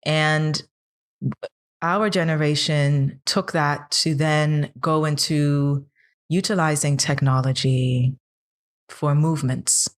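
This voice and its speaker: A woman's voice: low-pitched, fairly even intonation, slow. A woman in her thirties talking casually as a podcast co-host, earnest and questioning, building up as she makes her point. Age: 30s. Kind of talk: casual chat.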